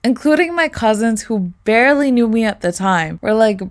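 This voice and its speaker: A woman's voice: on the high side, expressive, moderate pace. A young woman telling a personal story to camera in a candid, slangy way, swearing often and dropping plenty of casual fillers. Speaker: storytime vlogger.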